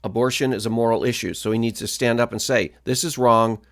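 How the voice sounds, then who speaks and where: A man's voice: mid-range voice, fairly even intonation, quick pace. A male pastor giving political commentary in a firm, blunt, moralizing way.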